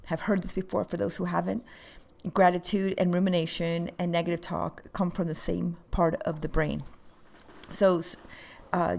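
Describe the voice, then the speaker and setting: Podcast co-host, female, low-ish gravelly voice, earnest and encouraging. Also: darkish tone. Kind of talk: casual chat.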